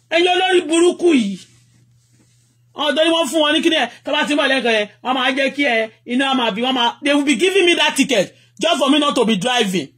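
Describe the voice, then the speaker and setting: A man's voice: extremely high pitch, fairly bright tone. A Nigerian man, a native Yoruba speaker, venting angrily in a live rant, repeating himself and switching between English and Yoruba. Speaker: vlogger.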